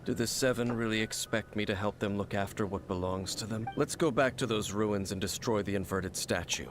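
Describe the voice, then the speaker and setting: An actor playing a grave, secretive adventurer in a video game, speaking in a solemn, dramatic way. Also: male voice, fairly low pitch, brisk, background noise, natural voice. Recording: game audio with music.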